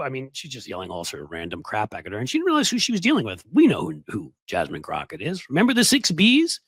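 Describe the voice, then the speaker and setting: A man hosting political commentary in a sarcastic, mocking, animated way. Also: mid-range voice, fast talker, few pauses, husky, no room sound.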